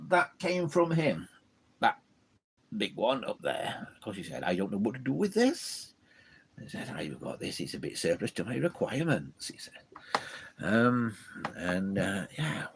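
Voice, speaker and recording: Hosting a live stream from his home loft full of old telephones, a man rambles chattily while reading out viewer comments, with many fillers and restarts. His voice is medium-pitched and gravelly.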